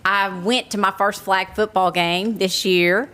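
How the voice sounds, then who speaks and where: A woman's voice: mid-range voice, fairly even intonation, a little slow, a bit bright, clear, resonant tone. A woman from Tennessee with a Southern accent, giving a proud, enthusiastic speech at a school board meeting.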